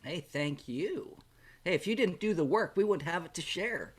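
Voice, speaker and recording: A man's voice: high-pitched, animated, moderate pace, breathy edge. A man hosting a live online interview over a video call, chatting casually and encouraging his guest with plenty of praise. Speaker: host of a live online event.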